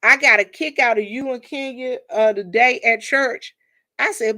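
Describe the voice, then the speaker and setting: A woman's voice: high voice, moderate pace, bright, forceful tone. A woman hosting a casual livestream, greeting viewers by name and using churchy phrases, talking into a phone or webcam mic at home. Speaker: livestream host. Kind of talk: casual live chat with viewers.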